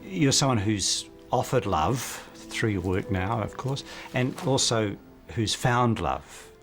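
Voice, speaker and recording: A male presenter asking interview questions in a measured way. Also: fairly low pitch, expressive, fairly bright tone, soft background music.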